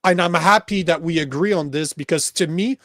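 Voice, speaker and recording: Emphatic Quebec French-accented man, high voice. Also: brisk, a bit bright, no echo, studio quality. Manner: emphatic, profane, restarts often. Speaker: podcast host. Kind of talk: casual political chat.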